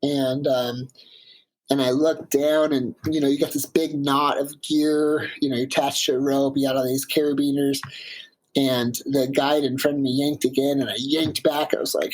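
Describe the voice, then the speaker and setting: A man in his thirties tells a climbing story with animated emphasis. His voice is husky, at an ordinary middle pitch. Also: normal speed, rough recording. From Washington State, USA. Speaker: guest, climber. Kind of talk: casual storytelling interview.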